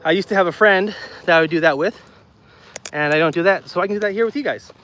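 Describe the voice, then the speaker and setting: A man's voice: high-pitched, fast, fairly bright tone. A man chatting casually with his live viewers while walking outdoors, out of breath, talking loosely and repeating himself into a phone mic. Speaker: streamer doing a walking livestream. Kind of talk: casual chat reading live comments. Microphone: phone mic, no external mic.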